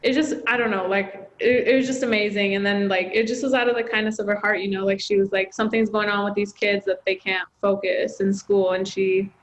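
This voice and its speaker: A woman's voice: medium pitch, fairly even intonation, brisk, few pauses, rough recording. A young woman, a college student, telling a personal story in an interview, heartfelt and chatty with lots of filler words. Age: young adult. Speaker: student guest.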